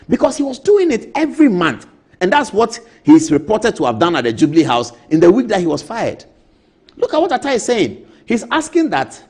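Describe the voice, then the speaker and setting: A man's voice: high voice, fairly quick, slightly rough. A Ghanaian man hosting a TV talk show, giving theatrical, opinionated political commentary. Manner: animated, theatrical, acts out quotes. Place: TV studio.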